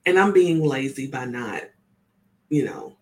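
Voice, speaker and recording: A spiritual oracle card reader, a woman with a deep, bass voice, chats through a casual live session and keeps checking in with her viewers. She's animated yet measured in pace, with a slightly mellow tone, filmed on a tripod-mounted camera with a ring light.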